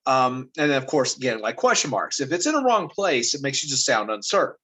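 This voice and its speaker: A man's voice: mid-range voice, big pitch swings, a little fast, pushed and bright, poor audio. A man teaching an online language arts class, talking loosely with many fillers and frequent "right?" checks to students. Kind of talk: casual classroom teaching over a lesson video.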